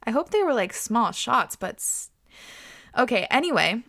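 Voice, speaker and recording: A woman's voice: fairly high pitch, big pitch swings, takes it slowly, a bit bright. A young woman hosting a casual podcast, reading listener stories aloud with chatty, laughing reactions and plenty of swearing. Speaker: podcast host.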